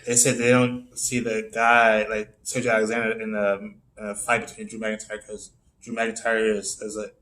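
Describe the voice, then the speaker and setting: A man co-hosting a casual wrestling podcast, answering briefly and matter-of-factly, with halting restarts. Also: fairly low pitch, completely flat delivery, fairly bright tone, poor audio. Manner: short matter-of-fact corrections, halting restarts. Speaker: podcast co-host.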